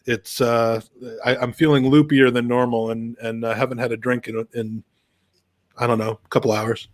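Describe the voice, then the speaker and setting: A man's voice: medium pitch, flat delivery, normal speed, no echo. A man in casual podcast chat, dry and self-mocking, groggy from being unwell. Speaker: podcast co-host.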